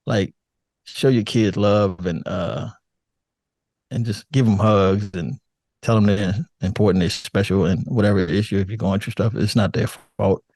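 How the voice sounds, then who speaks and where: Low-voiced older man, easygoing talk. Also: normal speed, no room sound, clean studio sound. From United States. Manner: relaxed, rambling, laughs often. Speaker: guest. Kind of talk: casual chat.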